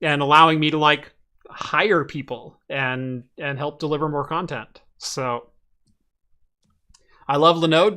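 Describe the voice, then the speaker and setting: A man's voice: fairly high pitch, measured pace, pushed and bright. A man hosting a casual tech podcast over a video call, chatty and laid-back with lots of fillers. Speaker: host.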